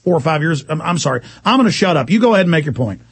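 A man hosting a call-in radio show, ranting fast and indignantly and mocking officials in put-on voices. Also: a little high, very animated, husky, no echo. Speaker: radio talk show host.

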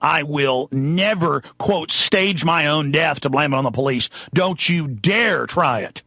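A man from Texas delivers a furious, accusatory talk-show rant. His voice sits high and has a sharp, forceful edge. The recording is dry and close, with a slightly dull, muffled tone. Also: expressive, unhurried, breathy edge, no room sound. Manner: shouting, accusatory, ranting. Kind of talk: angry political rant.

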